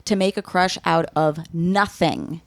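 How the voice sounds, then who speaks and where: A woman's voice: lowish voice, measured pace, vocal fry, no echo. A woman comedian guesting on a podcast, chatting casually and acting out quoted lines as she tells stories. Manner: animated storytelling, acts out quoted lines. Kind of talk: casual chat.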